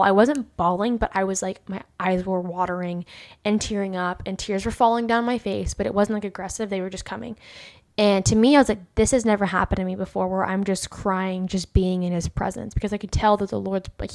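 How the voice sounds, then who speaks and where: A woman hosting a personal faith podcast, telling a story in a rambling way with many fillers and restarts. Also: mid-range voice. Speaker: podcast host.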